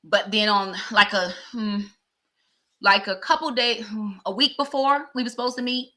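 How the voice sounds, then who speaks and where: A middle-aged woman vlogger telling a personal story in a chatty, animated way. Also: a little high, normal speed. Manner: chatty, animated, acts out dialogue.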